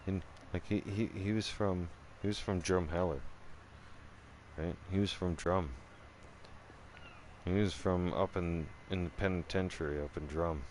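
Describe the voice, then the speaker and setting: A man with a deep, low voice tells a story from his own channel at an unhurried pace. His talk is casual and profane, full of restarts and tag questions. A faint hiss sits under the recording. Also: fairly even intonation, a little mellow. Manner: profane and rambling, restarts a lot, keeps asking "right?". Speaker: channel host telling a story.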